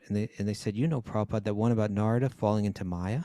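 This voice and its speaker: A man's voice: fairly low pitch, steady tone, fast, warm tone, clean tone, dry recording. A man in a casual chat who talks in a dry, teasing manner. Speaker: podcast co-host.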